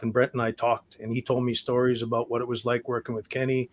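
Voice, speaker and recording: A man from Saskatchewan, a guest musician telling stories in a casual interview, earnest and halting, often restarting and repeating words. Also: medium pitch, flat delivery. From Saskatchewan, Canada.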